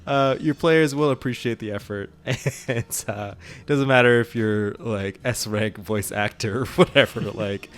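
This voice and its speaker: A man's voice: lowish voice, measured pace, few pauses, clean tone. A man co-hosting a tabletop gaming podcast, talking casually with frequent laughs and fillers. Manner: chatty, laughs often, many fillers. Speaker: podcast co-host and game master.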